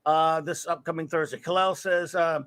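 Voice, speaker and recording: A man's voice: a little high, steady tone, moderate pace, fairly bright tone. A man hosting a casual livestream, joking at his own expense and rambling with fillers as he greets viewers. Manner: jokey, self-deprecating, rambling with fillers. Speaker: livestream host.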